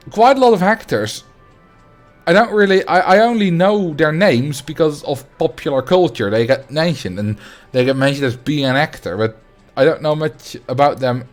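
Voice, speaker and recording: A man's voice: a little high, animated, moderate pace, faint music behind. A young adult man streaming a game, chatting casually and rambling as he answers his viewers. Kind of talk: casual livestream chat while playing.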